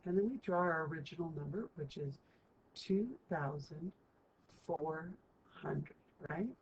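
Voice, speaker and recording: A woman's voice: low voice, measured pace. A woman teacher walking students through a math lesson, chatty and checking in with them often. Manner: chatty, keeps checking in with "right?". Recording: muffled lo-fi recording, faint hiss.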